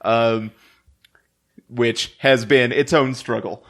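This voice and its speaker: A man hosting a podcast who takes his time, with lots of ums and frequent laughter. His voice sits at an ordinary middle pitch. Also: steady tone. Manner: laughs often, slow, hesitant delivery with many ums. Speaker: podcast host. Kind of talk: casual podcast chat.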